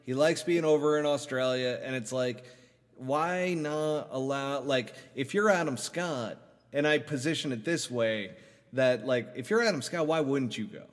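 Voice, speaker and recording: A man's voice: medium pitch, normal speed, big-room sound. A man co-hosting a golf podcast, giving loose, filler-heavy opinions in casual chat. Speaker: podcast co-host.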